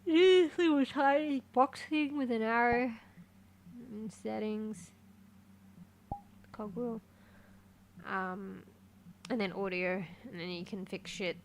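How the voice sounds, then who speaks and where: A woman streaming a game live in casual chat, easily excited and swearing freely, swinging between quiet muttering and loud outbursts. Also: on the high side, slow pace, long pauses, a little hiss or hum.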